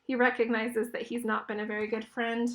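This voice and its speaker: A woman's voice: a little high, level tone, fairly quick. A woman teacher reading a picture book aloud to children, explaining the pictures and asking them questions.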